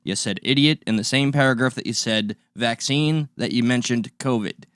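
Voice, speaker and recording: Profane, animated male storyteller. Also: mid-range voice, normal speed, smooth, no room sound, studio quality. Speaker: podcast co-host. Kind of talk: casual storytelling banter.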